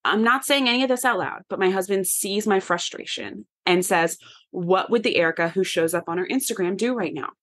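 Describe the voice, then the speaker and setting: A woman podcast host, candidly telling a personal story to her listeners in a lively, conversational way. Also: medium pitch, fairly quick. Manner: animated, candid, addresses listeners as y'all.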